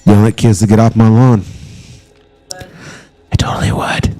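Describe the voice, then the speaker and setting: A man's voice: on the low side, steady tone, unhurried, mellow. A man chatting casually on a live stream, joking and swearing as he rambles.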